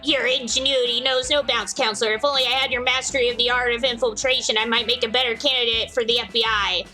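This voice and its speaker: A woman's voice: a little high, fairly even intonation, fast, sharp tone, faint music behind, rough recording. A young woman hosting a story game, reading its text aloud in a mock-grandiose, playful way. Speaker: host playing a story game.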